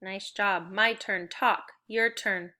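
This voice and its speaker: A woman teaching a recorded phonics and spelling lesson to young children, speaking slowly and clearly with encouragement. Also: mid-range voice, fairly even intonation, pushed and bright.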